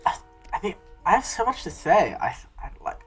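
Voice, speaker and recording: Giddy, stammering young woman, gushing and breathy, a man reading her in a casual fan read of a webcomic. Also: sits high, huge pitch swings, normal speed, soft background music, pitched above the performer's own voice, full character voice. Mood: flustered. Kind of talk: casual read-aloud voice acting.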